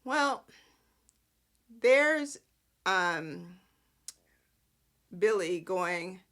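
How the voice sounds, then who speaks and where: A woman's voice: lowish voice, animated, extremely slow, fairly bright tone. A woman hosting a podcast, recapping soap opera episodes in a chatty, sarcastic way with lots of "like" fillers. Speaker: podcast host.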